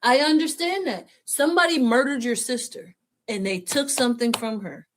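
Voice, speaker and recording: Animated high-voiced woman chatting. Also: moderate pace, a little hiss or hum. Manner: animated, emotional, acts out quotes. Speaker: podcast co-host. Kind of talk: casual chat.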